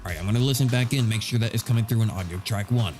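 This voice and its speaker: A man's voice: fairly low pitch, very fast, over music. A man streaming a game, chatting casually and rambling as he tests his settings, his voice slightly nasal on a streaming mic. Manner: rambling and self-correcting, chatty. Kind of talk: casual live-stream chat while gaming. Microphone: streaming microphone. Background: game audio.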